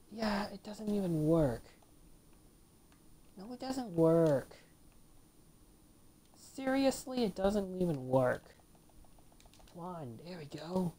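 Dark-toned and mid-range, a woman's voice offers casual commentary over a video game in let's-play style. She grumbles in a playful way, muttering half-whispered asides to herself in between exclamations.

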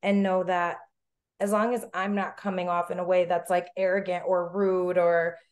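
A woman's voice: fairly low pitch, little pitch movement, moderate pace. A woman guest in a casual interview, earnest and reflective, talking sincerely about her work. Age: adult, with a daughter. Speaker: guest, business owner.

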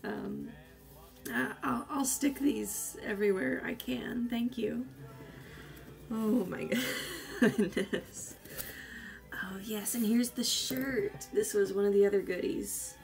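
A woman's voice: fairly high pitch, slow pace, vocal fry, darkish tone, faint music behind. A woman chatting casually as a vlogger, gushing and effusive, with hesitant fillers. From United States. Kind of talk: casual unboxing chat.

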